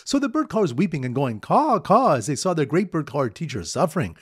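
Man, a bit high, animated pitch, slightly husky; lively Talmud teacher, dry close recording. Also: fast, no echo. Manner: lively storytelling with Hebrew and Aramaic terms. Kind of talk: memory-aid Talmud lesson narration.

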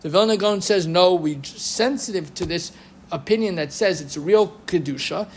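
Man, Torah teacher, high register, lively lecture style with chanted quotes, faint noise. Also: normal speed. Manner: lively, quotes rabbinic sources, chants Hebrew phrases. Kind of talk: halachic lecture.

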